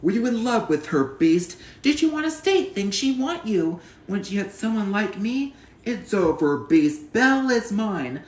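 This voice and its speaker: A man voicing a brash, boastful young villain hunter, loud and taunting, reciting from a cartoon film. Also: sits high, sing-song, a little slow, reverberant, far from the mic.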